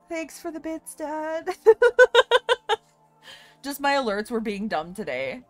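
Woman streamer, slightly high voice, very animated delivery, chatty and quick to laugh, soft music underneath. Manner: chatty and expressive, laughs often. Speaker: live streamer. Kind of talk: casual live-stream chat with viewers.

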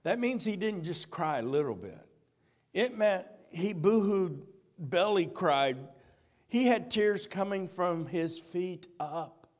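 Male preacher with a high voice; earnest, slow-paced church sermon. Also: lively intonation. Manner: earnest, repeats key phrases.

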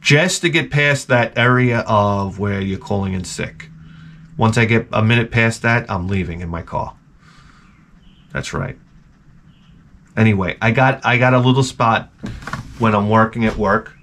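A man's voice: fairly low pitch, unhurried, pauses often, fairly bright tone, a little hiss or hum. A man hosting his channel, rambling casually and comically, with frequent profanity. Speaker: channel host.

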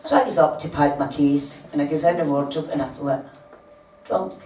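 A woman's voice: sits low, steady tone, a little fast, a little hiss or hum. Older woman telling a laughing story. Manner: chatty, laughing, rambling storytelling. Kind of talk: comic anecdote to a live audience. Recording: echoey room heard from far off. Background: loud room ambience.

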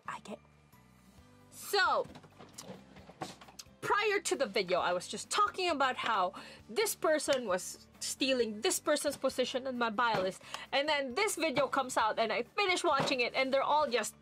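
A woman's voice: high-pitched, big pitch swings, normal speed, a bit bright, rough recording. Flustered young woman gushing over a video. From Canada. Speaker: reaction vlogger. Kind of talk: excited music video reaction. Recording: music playing behind.

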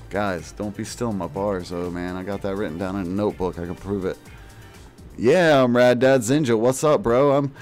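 A man's voice: fairly low pitch, a little mellow. A man doing parody streamer commentary over gameplay, boastful and mock-serious, full of jokey slang. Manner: jokey slang-filled patter. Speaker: gaming video creator.

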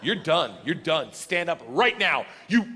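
A man's voice: a little high, big pitch swings, unhurried, sharp tone, full character voice. A man squawking out a bossy, outraged woman teacher who barks orders and sputters as her voice climbs. The sound rings through a big hall, with a faint hiss behind it. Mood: furious. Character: bossy, shrill female chaperone teacher.

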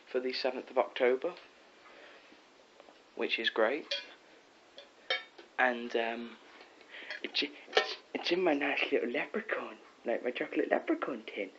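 A teenage boy vlogging from his bedroom, rambling excitedly with lots of ums and self-corrections. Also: medium pitch, measured pace, pauses often. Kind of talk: casual rambling vlog. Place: bedroom at home. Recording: dull lo-fi with faint hiss.

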